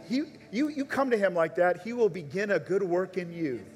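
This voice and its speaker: A man's voice: sits high, expressive, normal speed, few pauses, faint music behind. A man preaching a sermon at a live church service, making earnest, urgent appeals straight to his listeners. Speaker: pastor. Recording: long reverb of a large church hall.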